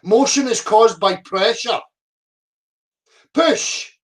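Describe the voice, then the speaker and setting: A man's voice: sits high, moderate pace. A middle-aged man, ranting profanely at viewer comments, abrasive and mocking. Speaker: flat earth video commentator. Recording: voice a bit distant from the mic.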